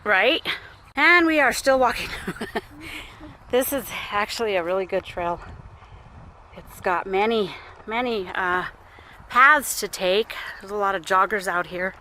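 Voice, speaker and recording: In this casual family vlog, a young mother walks an outdoor trail, slightly breathless, chatting, laughing often and cooing at her toddler. Her mid-range voice has lively intonation and a sharp tone, moving a little slowly with long pauses. The rough recording carries a little hiss or hum.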